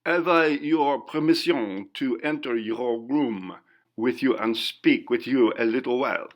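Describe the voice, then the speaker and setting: A man's voice: medium pitch, measured pace, highs cut off, natural voice. A man voicing a stern, protective French head waiter who speaks broken English with a French accent. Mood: earnest.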